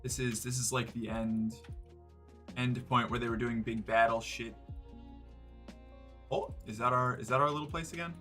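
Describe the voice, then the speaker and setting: A man's voice: medium pitch, fairly even intonation, moderate pace, pauses often, bright, forceful tone, soft background music. A man streaming live, chatting casually and rambling, often restarting and swearing. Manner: rambling, self-interrupting, swears.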